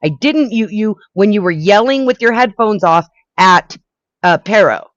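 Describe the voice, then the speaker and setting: A woman's voice: medium pitch, lively intonation, measured pace, dry recording, lo-fi sound. A woman moderating a heated online panel, firmly repeating her point. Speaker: stream co-host moderator.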